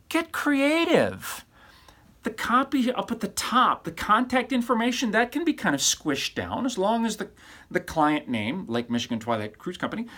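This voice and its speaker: A man, a college professor, giving recorded feedback to his students in an over-animated, teasing way, throwing in rhetorical questions and silly exaggerated voices. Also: high voice.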